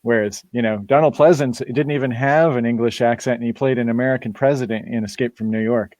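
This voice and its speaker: A man's voice: mid-range voice, fairly even intonation, fairly quick, a little mellow, no room sound. Guy rambling on a live stream chat, laughs a lot, dry close sound. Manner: chatty, laughs often, rambling asides. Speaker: band member hosting a live Q&A.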